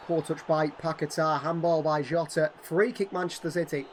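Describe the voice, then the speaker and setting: A hoarse man commenting on a football video game as a channel host, switching from calm play-by-play to excited shouting at goals. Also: a little high, brisk, few pauses, slight background noise.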